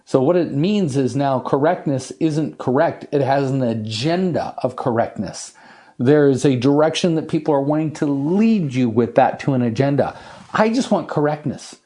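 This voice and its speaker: Earnest male preacher with a mellow voice. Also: a little high. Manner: earnest, emphatic preaching with slowed, stressed scripture reading. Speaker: pastor. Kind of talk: expository sermon.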